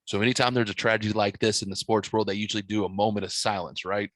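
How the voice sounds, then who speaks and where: A man hosting a podcast, telling a story in casual chat, profane and animated, getting louder as he laughs. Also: lowish voice, quick pace, dry recording. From St. Louis, USA. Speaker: podcast host.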